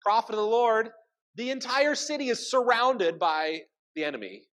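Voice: mid-range voice, animated, moderate pace, a bit bright, pitched above the performer's own voice, natural voice. A preacher voicing a panicked male servant who pleads urgently with his master. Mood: alarmed.

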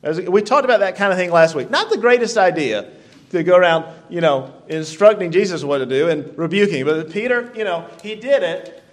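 A man preaching a sermon, stretching out key phrases with deliberate emphasis. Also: sits high, animated. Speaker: pastor.

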